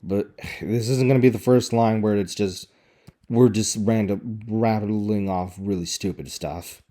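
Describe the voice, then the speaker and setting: A man's voice: lowish voice, mellow. A man giving sarcastic, exasperated commentary as he picks apart a show's dialogue. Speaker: video reviewer. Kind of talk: critical commentary on show dialogue.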